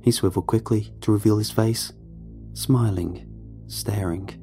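A man narrating a first-person horror story in a calm, measured, low-key way. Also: vocal fry, faint music behind.

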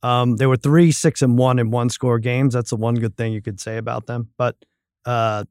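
A man's voice: medium pitch, fairly even intonation, normal speed, darkish tone, no echo. Man, co-host, opinionated, chatty sports talk, dry sound. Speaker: podcast co-host. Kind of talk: casual sports betting chat.

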